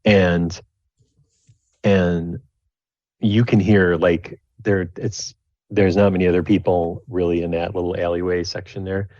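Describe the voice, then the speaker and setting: A very low-voiced man runs a tabletop game as game master, narrating in a loose, rambling way full of restarts and fillers. The recording is dull and lo-fi in a dry, close space. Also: level tone, unhurried, darkish tone, no echo. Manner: rambling, many restarts and likes.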